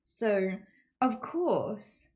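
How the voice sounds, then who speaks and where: A woman streaming, chatting casually with viewers in an animated, chatty way and swearing freely. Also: mid-range voice, drawn-out words. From United Kingdom.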